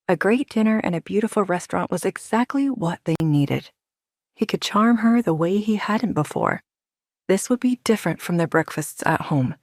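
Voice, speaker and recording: A woman narrating a romance audio drama in a measured, even storytelling voice into a close studio mic. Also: on the low side, no echo. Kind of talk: scripted narration.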